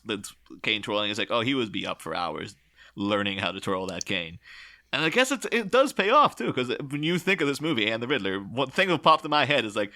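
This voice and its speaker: A man co-hosting a casual podcast, chatty and animated, laughing often as he retells quotes. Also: mid-range voice. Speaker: podcast co-host.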